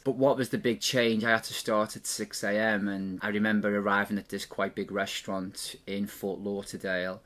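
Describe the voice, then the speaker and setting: A lower-voiced man with an unmistakable Liverpool accent, recounting his past as a podcast guest. He tells it as a lively anecdote and acts out the lines of people from his story, though his pitch moves only a little. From Liverpool, England. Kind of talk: storytelling interview answer. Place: cafe bar in Hove, England.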